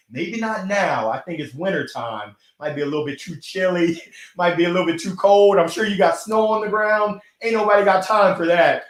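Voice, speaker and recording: A man's voice: a little high, fairly bright tone, echoey room. A man hosting a weekly live motivational stream, upbeat and effusive, thanking viewers by name as he reads their comments.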